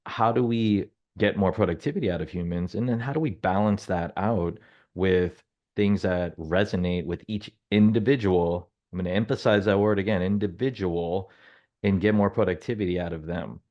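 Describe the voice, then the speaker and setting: A man's voice: sits low, moderate pace, darkish tone, muffled recording. A man co-hosting a business podcast, chatting casually with self-deprecating humor and lots of fillers. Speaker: podcast co-host.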